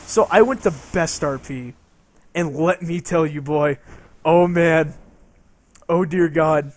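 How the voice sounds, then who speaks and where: A man's voice: fairly high pitch, takes it slowly, pauses often. A man streaming a game and telling a rambling story, swearing and laughing as he goes. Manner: rambling, profane, laughing between lines.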